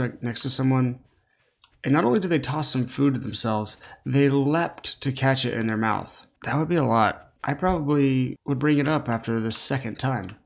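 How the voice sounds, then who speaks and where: A tired man hosting a relaxed gameplay commentary, sassy and rambling with joking asides. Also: medium pitch, vocal fry. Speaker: let's play host.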